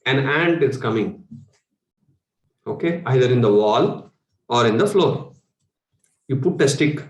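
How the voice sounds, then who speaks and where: A man's voice: medium pitch, animated, unhurried, lo-fi sound. Male meditation coach, Indian English accent, conversational workshop delivery, mid-range voice, echoey room. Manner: conversational, rhetorical questions, chuckles. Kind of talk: spiritual workshop talk.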